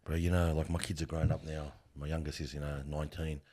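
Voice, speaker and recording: Extremely low in pitch, level in tone and mellow, this man talks fast. A middle-aged funeral worker and guest, he shares heartfelt stories in an earnest, emphatic, slang-filled way, addressing the listener as "bro."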